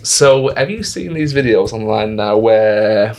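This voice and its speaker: Male podcast co-host, 30s, lowish chatty storyteller. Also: expressive, a little slow, a little mellow. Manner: chatty storyteller, acts out quoted voices. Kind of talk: casual chat.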